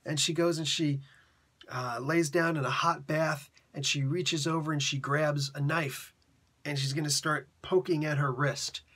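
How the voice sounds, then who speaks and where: A comic book reviewer walks through a story in casual, slangy chat, laughing along the way. His voice is husky and a bit high for a man. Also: steady tone, a little slow, a bit bright. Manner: chatty, slangy, laughs often.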